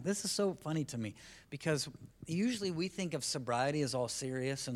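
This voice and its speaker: A man preaching a sermon as the pastor at a church service, in a conversational style that swings between quiet asides and loud, emphatic lines. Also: medium pitch, a little fast.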